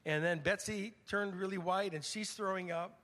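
An older man preaching a conversational, storytelling sermon, swinging from loud emphasis to hushed, near-whispered lines. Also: high voice, normal speed. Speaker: pastor. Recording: long church reverb.

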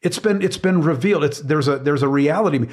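A man's voice: fairly high pitch, a little fast, darkish tone. Earnest man teaching scripture in conversation. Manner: earnest, emphatic, repeats words while searching for phrasing.

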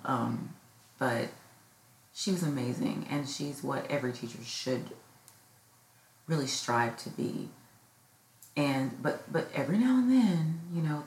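A mother in middle age talks through her feelings about her children growing up, heartfelt and full of fillers. Her voice sits extremely low with a gravelly fry. The room is echoey, with a faint hiss of noise behind her. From United States. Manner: heartfelt, rambling with many fillers. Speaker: podcast host. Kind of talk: personal reflective monologue.

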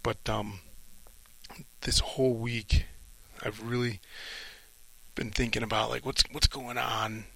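A middle-aged man, a retired Navy officer, talking through a reflective solo monologue in short, halting, thoughtful phrases. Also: medium pitch, flat delivery, vocal fry, a bit bright, poor audio.

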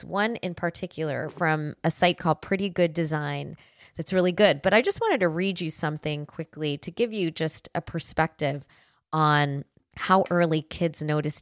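Woman, 40s, podcast host; earnest conversational storyteller, lower register, dry close-miked sound. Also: no room sound. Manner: earnest storytelling with frequent restarts. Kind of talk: casual podcast monologue.

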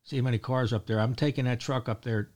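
A man's voice: mid-range voice, fairly even intonation, fast, darkish tone. Older man with a Baltimore accent, rambling. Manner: rambling, joking, with many fillers. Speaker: host. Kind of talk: casual morning chat.

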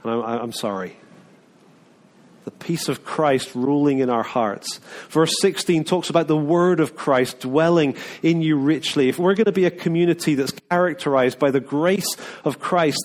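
A middle-aged man preaching a sermon in a conversational way, often restarting and acting out little asides. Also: on the high side. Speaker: pastor.

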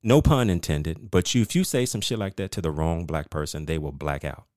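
A middle-aged man hosting a podcast, telling a story in an animated, emphatic, profane rant. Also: deep voice, a little fast, no echo, clean studio sound. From United States. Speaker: podcast host. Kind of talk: casual rant monologue.

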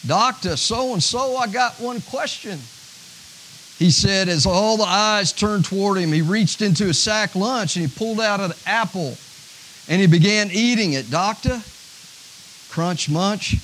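A male pastor preaching a sermon, with a preacher's rhythm that rises to shouts and drops to near-whispers. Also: sits high, moderate pace, slight background noise, poor audio.

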